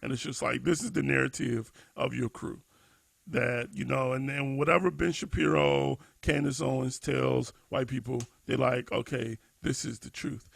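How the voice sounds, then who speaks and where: A man's voice: medium pitch, steady tone, normal speed, vocal fry, no room sound. A man co-hosting a discussion podcast, thinking aloud with many restarts and fillers. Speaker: podcast co-host.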